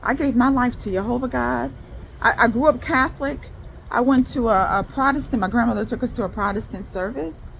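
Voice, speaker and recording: A woman's voice: fairly high pitch, a little fast, gravelly, fairly bright tone, a little hiss or hum. A woman telling a personal faith testimony straight to her viewers in casual talk, rambling, restarting and repeating words as she goes. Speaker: faith video creator.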